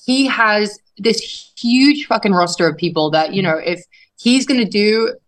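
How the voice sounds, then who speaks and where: A woman's voice: medium pitch, unhurried, low-quality recording. A woman professional wrestler as an interview guest, telling her story casually and animatedly, swearing often and acting out quotes. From England.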